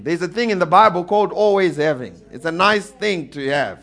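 A man preaching a sermon to a congregation, animated, calling for amens and building to emphatic peaks. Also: high-pitched, brisk, few pauses. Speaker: pastor.

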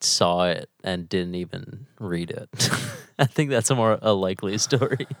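A man's voice: low voice, measured pace, dry recording, studio quality. A young man in casual chat, laid-back and joking, who swears freely.

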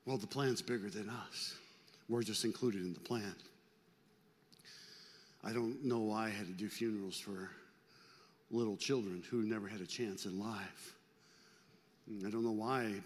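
Older pastor preaching in a reverberant hall. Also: male voice, mid-range voice. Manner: conversational preaching, swinging from loud to hushed; folksy, joking asides. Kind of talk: sermon. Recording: long reverb of a large hall.

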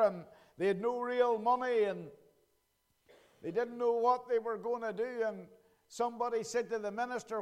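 A man preaching a sermon as pastor, earnestly repeating his questions slowly for emphasis. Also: very high voice.

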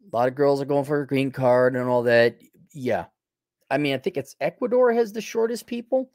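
A man's voice: medium pitch, darkish tone, no room sound, clean studio sound. A man with a Milwaukee accent hosting a podcast, reading viewer donations and giving blunt, opinionated answers. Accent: Milwaukee, Upper Midwest. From Milwaukee, Wisconsin. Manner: blunt, opinionated, drops into mock voices. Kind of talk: casual livestream commentary.

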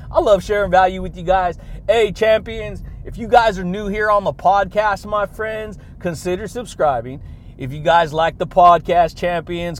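Exuberant high-voiced motivational man. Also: a little hiss or hum. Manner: exuberant, laughs between phrases, drawn-out catchphrases. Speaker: podcast host. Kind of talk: motivational podcast monologue.

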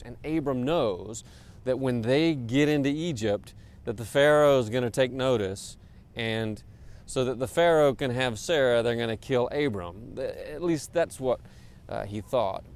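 A man's voice: mid-range voice, a little mellow. A man, a pastor, preaching a sermon in a conversational, informal way, with many fillers and repeated words.

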